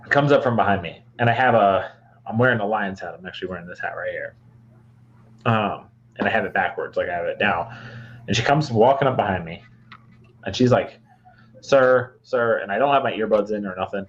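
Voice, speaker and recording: A man's voice: lowish voice, fairly quick, long pauses, husky, dull audio. A young man from Michigan, a podcast co-host, telling a long rambling story with lots of fillers and restarts. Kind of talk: casual storytelling chat.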